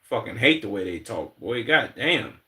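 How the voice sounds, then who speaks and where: A man's voice: on the low side, very animated, moderate pace, pushed and bright. A man with a Chicago accent streaming and reacting to clips in blunt, slangy, heavily profane casual talk.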